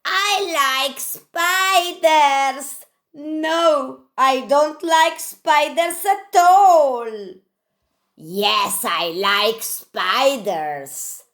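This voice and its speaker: A cheerful little chameleon puppet as a woman puts him on, high and bright with a bouncy, lively lilt. He talks slowly in short, simple lines for young children. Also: exaggerated voice. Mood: chirpy.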